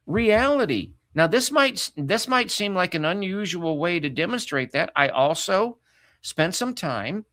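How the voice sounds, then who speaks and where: A man with a fairly high voice tells a personal story, repeating words as he talks. The sound is dry and close, with no room behind it. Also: a bit bright, no echo. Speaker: ministry commentator. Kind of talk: candid spoken commentary.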